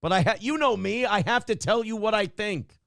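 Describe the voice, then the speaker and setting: A man's voice: high-pitched, brisk, vocal fry, dry recording, studio quality. A man hosting a live show, chatting and ranting, swearing a lot and reading viewer comments aloud. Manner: profane, animated, reads chat comments aloud. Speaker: host. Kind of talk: casual live-show banter and rant.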